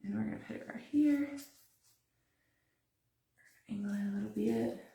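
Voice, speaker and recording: This craft tutorial host runs a live demo in her kitchen, giggling and chatting with her audience while she thinks out loud over the project. Her medium-pitched voice is gravelly yet warm, moving at a moderate pace. The room echoes, the microphone is set back, and a little background noise comes through.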